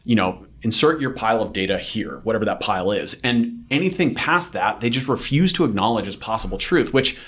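Lower-voiced man hosting a podcast. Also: brisk, few pauses. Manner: animated, blunt, puts on voices for quotes. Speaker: podcast host. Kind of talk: casual podcast conversation.

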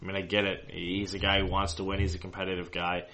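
A man with a very deep voice co-hosts a casual fan podcast. He talks in long, loose sentences and keeps restarting his thoughts. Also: monotone, quick pace, pushed and bright. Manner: rambling, many restarts and fillers. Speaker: co-host of a hockey fan show.

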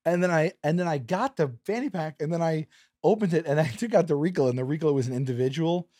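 A man telling a story as a podcast guest, animated, acting out his quotes and sometimes dropping to a whisper. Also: a little high, quick pace, no room sound, clean studio sound. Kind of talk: casual storytelling.

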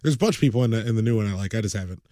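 A man in casual podcast chat, blunt and profane, muttering asides and then bursting out loud. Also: on the low side, animated, racing, no room sound, studio quality. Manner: blunt, profane, jumps between mumbling asides and loud outbursts.

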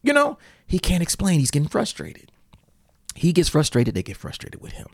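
A man's voice: on the high side, moderate pace, no room sound, clean studio sound. Guy telling a story, swoops up and down a lot, laughs a bunch, slangy and loose. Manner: animated, laughs often, loose slangy talk. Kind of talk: casual storytelling.

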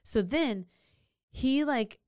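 Animated woman telling a true-crime story. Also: high voice, drawn-out words, smooth, dry recording, studio quality. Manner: animated, acts out characters with big swings in voice. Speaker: podcast co-host.

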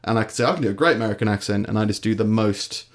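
A man's voice: fairly low pitch, racing. An English man co-hosting a podcast in casual chat, sardonic and rambling, often trailing off into mumbles. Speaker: podcast co-host.

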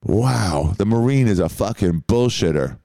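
A man co-hosting a casual comedy podcast, tossing in wry quick reactions. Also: on the low side, lively intonation, vocal fry, warm tone, dry recording, studio quality.

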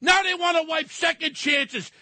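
A man in his seventies ranting angrily on a political talk radio show, often shouting. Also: very high voice, moderate pace. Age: 70s. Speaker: radio co-host.

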